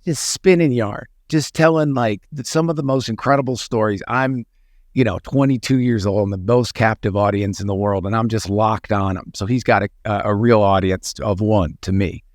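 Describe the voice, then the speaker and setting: A middle-aged man, an actor, casually telling an anecdote in an animated way, building it with repeated phrases and rising high when he quotes himself. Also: moderate pace, no echo, clean studio sound. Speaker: podcast co-host, actor. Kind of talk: casual storytelling chat.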